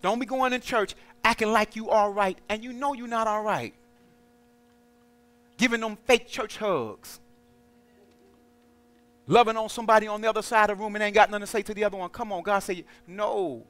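A man preaches to his congregation with a high, bright voice. He talks straight to them in call-and-response style and slips into quoted voices along the way. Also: moderate pace, long pauses. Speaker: pastor.

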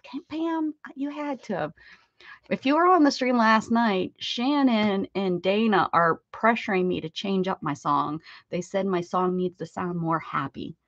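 A chatty woman greets viewers one by one on her art livestream, playful and quick to laugh. The sound is dull and dry, close and slightly muffled. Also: mid-range voice, no room sound. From United States. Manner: chatty and playful, laughs often, sings short welcome jingles. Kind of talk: casual chat greeting viewers.

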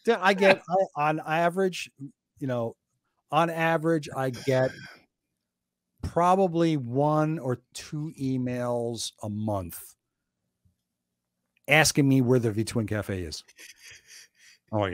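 In a dry recording, a mid-range voice speaks slowly with long pauses. He's from New Jersey, a guest telling stories in a casual podcast chat. Animated, he performs the quotes as he goes.

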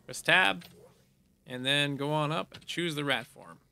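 In casual let's play commentary, a man talks through a game, reading on-screen text aloud and slipping into silly hums and sound effects. His voice is a little high for a man, very bright and forceful, yet unhurried, creaky, clear, and resonant.

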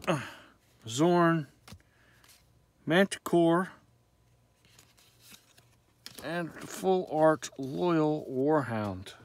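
Ripping open trading card packs, a man with a slightly high voice names each card as it appears. His commentary is casual, sprinkled with jokes at his own expense.

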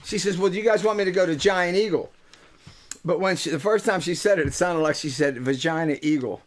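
Older man, host of a live webcast, wisecracking and profane, rambles with fillers, voice sits a bit high. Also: brisk. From Pittsburgh, USA. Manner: joking, teasing, swearing, with lots of fillers. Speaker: host and musician. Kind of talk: casual comic monologue to a webcast audience.

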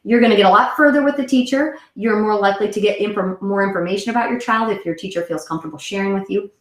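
Talking solo to camera on her live web show for moms, a thirtysomething woman chats away, wanders off topic, and keeps correcting herself. She speaks fast in a mid-range voice, in a room with noticeable echo.

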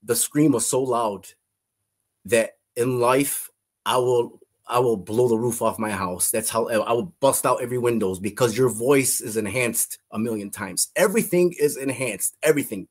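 A man with a husky, breathy voice tells an emotional personal story. He stumbles, repeats words and restarts his sentences as he searches for the right way to say things. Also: medium pitch. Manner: halting, repeats himself, restarts phrases. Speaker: testimony guest.

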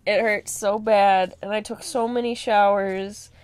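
A young woman playing a video game and chatting casually, blunt and quick to swear. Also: mid-range voice. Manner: blunt, swears freely, lively reactions. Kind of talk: casual chat while gaming.

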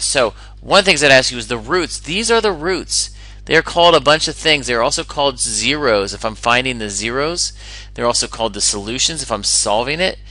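A man's voice: fairly low pitch, bright, forceful tone, dry recording, low-quality recording. A man teaching a recorded algebra lesson in an upbeat way, explaining step by step and asking the listener questions. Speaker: math teacher.

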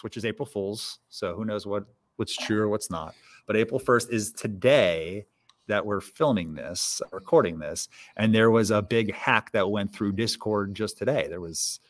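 A man co-hosting a casual podcast chat, giving emphatic advice and repeating his warnings. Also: fairly low pitch. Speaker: podcast co-host.

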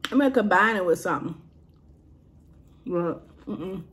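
A woman's voice: fairly low pitch, lively intonation, unhurried, a bit bright. A woman chatting casually to her viewers as she tastes and reviews food, humming and muttering between bites. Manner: mutters and hums while eating. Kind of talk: casual eating and review vlog.

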